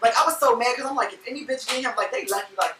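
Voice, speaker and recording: Bright, chatty young trans woman. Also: fairly high pitch, racing, a little hiss or hum. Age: young adult. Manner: chatty, filler-heavy, reflective. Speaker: co-host. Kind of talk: casual storytelling. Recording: echoey room, far from mic.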